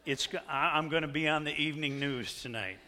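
A male pastor telling a story in a sermon, animated, swinging from hushed asides to shouts. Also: fairly high pitch, brisk, noisy background.

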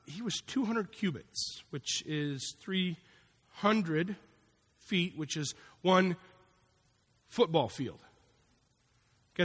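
A man's voice: high voice, fairly bright tone. A man preaching a sermon in a conversational, folksy way, acting out little asides as he goes. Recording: long hall reverb.

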